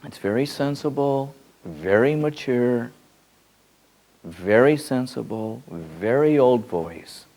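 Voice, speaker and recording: Animated man giving a spiritual talk. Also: slow, slight background noise. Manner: animated, swings between soft low musing and excited high bursts; repeats words and restarts often. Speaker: spiritual teacher. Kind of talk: spoken teaching to a group.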